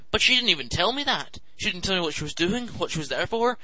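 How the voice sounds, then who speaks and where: A man in his late teens tells comic stories in an exasperated, sardonic rant. His voice is bright and a little high. The sound is dry and close to the mic. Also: lively intonation, fast talker, no room sound, poor audio. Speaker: podcast host. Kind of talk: comic storytelling monologue.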